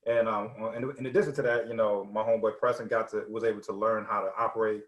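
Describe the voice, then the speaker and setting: A man interviewing a guest in a relaxed, casual way, with lots of filler words. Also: lowish voice, fast talker, roomy sound, rough recording.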